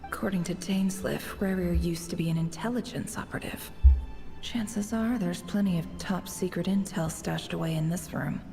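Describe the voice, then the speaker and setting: A woman's voice: on the low side, moderate pace, dark tone, soft background music. An actress voicing a curious young woman adventurer who searches an office in a whisper, whispered role-play. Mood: hushed curious. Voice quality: whispered, gravelly.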